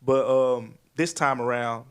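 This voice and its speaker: A man talks as a guest reporter on a podcast. He sounds relaxed and mid-pitched, nodding along and explaining things plainly. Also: takes it slowly, clear, resonant tone. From Memphis, Tennessee. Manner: relaxed, agreeable, lots of backchannel. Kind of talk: casual podcast chat.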